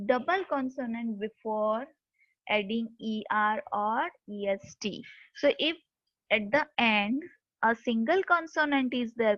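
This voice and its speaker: Woman teacher, high voice, step-by-step grammar lesson, spells words letter by letter, dry lo-fi recording. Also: no echo.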